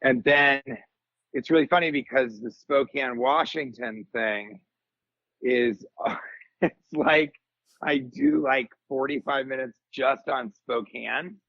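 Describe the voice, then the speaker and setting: A man in his forties, a comedian guest on a podcast, telling rambling stories in casual chat and jumping into high comic voices when quoting people. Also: slow pace, creaky, dry recording, dull audio. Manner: rambling, animated storyteller, jumps into high comic voices for quotes.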